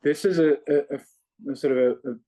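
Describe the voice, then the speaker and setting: A man working as a fund manager, explaining investments in a measured, analytical way with frequent restarts. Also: on the high side, steady tone, warm tone. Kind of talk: investment interview.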